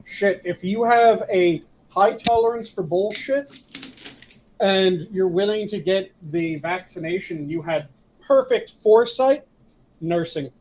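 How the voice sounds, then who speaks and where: A man's voice: high-pitched, a little slow, a little mellow, slight background noise, poor audio. A man in casual podcast chat, making short interjections and blunt asides.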